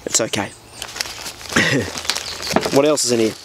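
A man's voice: medium pitch, slow pace, fairly bright tone, slight background noise. A New Zealand man with a New Zealand accent, chatting in a slangy, blokey way as he opens parcels on his vlog at an old farmhouse. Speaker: vlogger. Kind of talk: casual mail-opening vlog.

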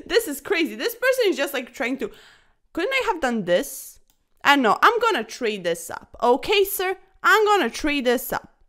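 Excitable bright-voiced woman commentating chess. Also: sits high, a little slow. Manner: excitable, chatty, keeps saying "sir", laughs often. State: breathless from talking fast. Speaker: chess streamer. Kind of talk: casual gameplay commentary.

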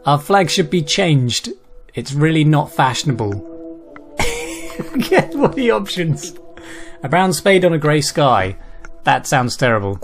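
A man's voice: on the high side, very animated, measured pace, pauses often. A man giving casual commentary over a video game, reading the on-screen text aloud with frequent chuckles and exclamations. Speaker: gameplay commentator. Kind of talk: casual let's-play commentary. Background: game music.

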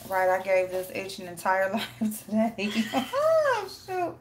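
A woman's voice: medium pitch, huge pitch swings, takes it slowly, a little hiss or hum. A woman hosting a casual live stream, reading chat and greeting viewers by name, blunt and profane with frequent laughter.

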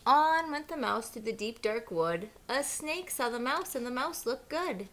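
A woman teacher reading a picture book aloud to children, animated and asking them questions along the way. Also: high voice, unhurried, hardly any pauses. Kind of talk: children's story read-aloud.

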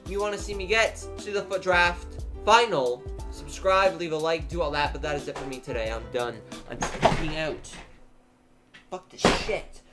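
A young man with a gaming channel, commentating his own football video game match, swearing a lot and swinging from low mutters to outraged yells. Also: moderate pace, few pauses. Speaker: gaming YouTuber. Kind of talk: live gameplay commentary. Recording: game music loud behind voice.

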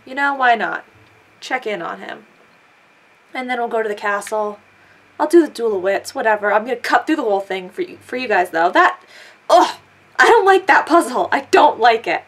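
A woman's voice: fairly high pitch, fairly bright tone. A woman giving chatty let's play commentary, talking to the characters on screen. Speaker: gamer.

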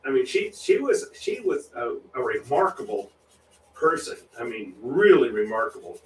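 A man's voice: mid-range voice, sing-song, moderate pace, distant mic. A man chatting casually while he paints on a livestream, rambling with frequent restarts and chuckles. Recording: roomy echo, voice a little off-mic, faint room noise.

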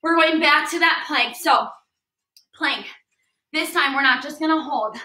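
A high-pitched young woman trainer leads a workout, cueing form and counting down with upbeat energy. Her bright voice rings through a roomy, echoey space. She sounds a little away from the microphone. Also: a little slow. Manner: upbeat coaching, counting down reps, frequent "right?". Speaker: fitness trainer. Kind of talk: leading a workout class. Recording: echoey room, voice a bit distant.

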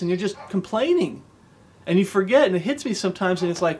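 A man with a notably high voice preaches a relaxed devotional sermon. He talks earnestly and plainly, reciting scripture in old-fashioned wording and pausing to ask his listeners "okay?". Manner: earnest, conversational, often checks in with "okay?"; recites King James scripture aloud.

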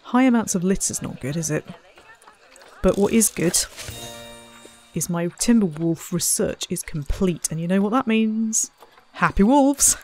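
A woman's voice: medium pitch, lively intonation, a little slow, long pauses, warm tone, soft background music. A woman casually commenting while playing a zoo-building game, chatty and self-mocking, talking to the animals and visitors. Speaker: let's play host.

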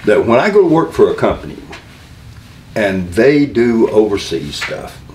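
An older man with a Southern American accent, telling stories from his career as an interview guest in a folksy, animated way, acting out other people's lines. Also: lowish voice, moderate pace. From Southern United States. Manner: folksy, animated storyteller who acts out quotes. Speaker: interview guest, former wrestling manager. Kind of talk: storytelling interview. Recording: echoey room, mic at a distance, faint hiss.

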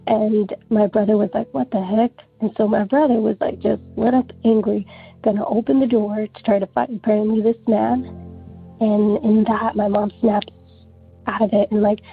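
A woman's voice: medium pitch, little pitch movement, normal speed, vocal fry, breathy edge. A woman calling in to tell a story in a rambling, casual way, filling her sentences with "like.". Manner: rambling, heavy use of "like". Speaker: caller. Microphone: telephone. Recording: phone line with faint music.

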